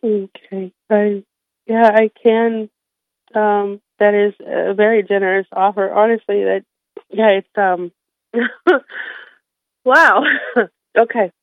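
Female radio guest, mid-pitched, emotional and candid, dry tinny phone audio. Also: steady tone, takes it slowly, long pauses, no echo. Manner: emotional, candid, warm with light laughter. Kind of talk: radio interview.

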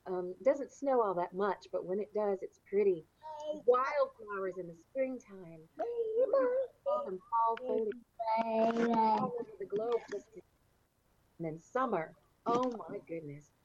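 A woman from the southeastern United States with a Southern accent, a guest chatting warmly and describing things in lush, colorful words. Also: medium pitch, sing-song, slow, muffled recording. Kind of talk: casual interview chat.

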